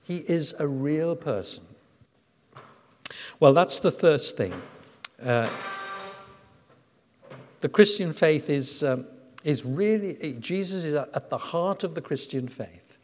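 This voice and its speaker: A man's voice: a little high, slow, pauses often. A man preaching a sermon in a conversational manner, with frequent fillers and restarts. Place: church. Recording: church with long reverb.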